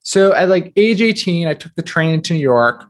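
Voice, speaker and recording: A man in his thirties from New Jersey, a guest author talking casually in an interview, quick and filler-heavy with a self-deprecating streak. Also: high voice, expressive.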